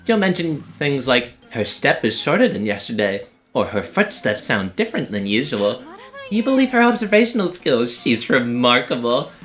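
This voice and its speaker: A man's voice: mid-range voice, very animated, moderate pace, a bit bright, soft background music. A man voicing an eccentric, smug young female scientist, reading game dialogue with theatrical, formal phrasing. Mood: conspiratorial.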